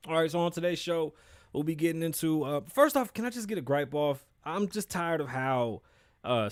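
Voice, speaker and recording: A man's voice: on the high side, no echo, clean studio sound. A man hosting his own podcast, talking in a blunt, profane and rambling way with frequent asides. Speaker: podcast host. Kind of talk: casual solo commentary.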